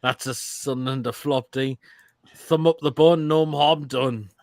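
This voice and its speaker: A man's voice: mid-range voice, steady tone, unhurried, no room sound. A man, hosting a casual live stream and giving crude, blunt verdicts on viewers' food photos between laughs.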